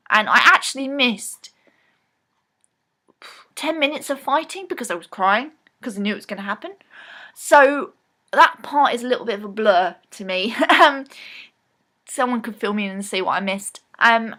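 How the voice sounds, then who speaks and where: A woman's voice: medium pitch, sharp tone. A woman talking casually to camera in a rambling film recap vlog, full of ums and restarts. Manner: rambling, chatty, lots of ums. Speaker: vlogger.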